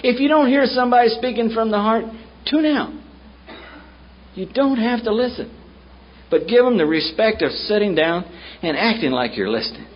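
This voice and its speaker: A man's voice: high voice, expressive, a little fast, few pauses, breathy edge, pitched above the performer's own voice. A man voicing a patient older male sponsor, earnest and preaching. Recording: muffled old tape with faint hiss.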